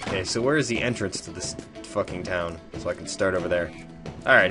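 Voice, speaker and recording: A man's voice: low-pitched, fairly quick, music in the background. A young man casually commenting on a game he plays, joking and swearing, reading dialogue aloud now and then. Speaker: let's play gamer.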